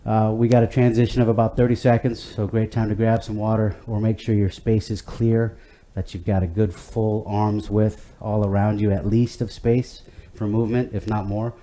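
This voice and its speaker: A man's voice: lowish voice, little pitch movement, moderate pace, hardly any pauses, dark tone. A man leading a home workout class, talking in an easygoing, chatty way with many fillers and restarts. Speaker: fitness instructor. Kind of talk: guided workout instruction.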